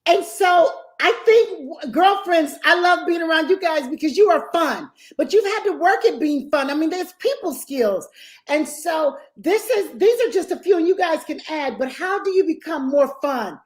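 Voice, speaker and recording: High-voiced woman radio co-host. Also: animated, normal speed. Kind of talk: talk radio chat.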